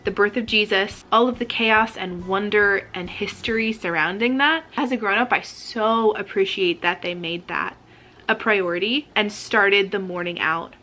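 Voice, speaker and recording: A woman's voice: mid-range voice, moderate pace, pushed and bright. An American woman hosting her own vlog, chatting casually with friendly asides to viewers. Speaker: vlogger host.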